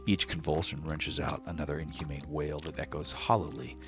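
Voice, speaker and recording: Super deep guy running a dark tabletop game, dramatic narration, soft music under. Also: little pitch movement. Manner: dramatic, measured storytelling. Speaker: game master.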